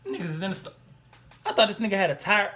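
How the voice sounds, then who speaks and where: A man's voice: high voice, fast talker. A young man hosting a reaction video, talking in loose slang, exclaiming and laughing as he comments. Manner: animated, slangy, exclaims and laughs between remarks.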